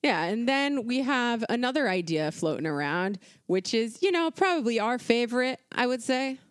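A woman's voice: fairly high pitch, big pitch swings, normal speed, smooth, dry recording, clean studio sound. A woman co-hosting a casual history podcast, talking in an irreverent, profane, conversational way with plenty of fillers. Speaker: podcast co-host.

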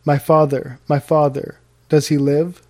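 A man's voice: on the high side, flat delivery, measured pace, a little mellow, no echo. A man voicing a proud young woman, a chief's daughter, who speaks in a solemn, formal pleading way.

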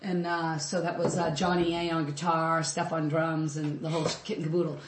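A podcast co-host telling a story in a lively, laughing way during casual chat. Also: medium pitch, a little fast, roomy sound, noisy background.

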